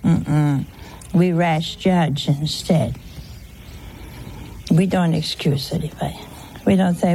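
A woman's voice: lowish voice, slow, pauses often, warm tone, a little hiss or hum. An older woman preaching a sermon in a folksy, teasing way, full of rhetorical questions.

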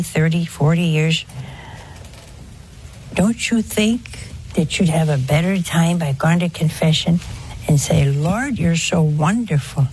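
Slow-spoken older woman preaching. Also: on the low side, darkish tone, slight background noise. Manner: slow, conversational preaching with rhetorical questions. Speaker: religious speaker. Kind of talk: sermon-like talk to an audience.

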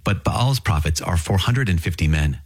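A man's voice: deep voice, lively intonation, moderate pace, husky, dry recording, clean studio sound, full character voice. A man reading as a stern commanding prophet. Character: stern, bold male prophet. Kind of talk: scripture reading.

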